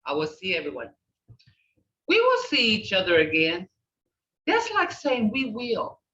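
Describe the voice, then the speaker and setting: An older woman teaching a language class, repeating words slowly and checking in with "okay?". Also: medium pitch, huge pitch swings, pushed and bright. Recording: echoey, distant, dull room recording.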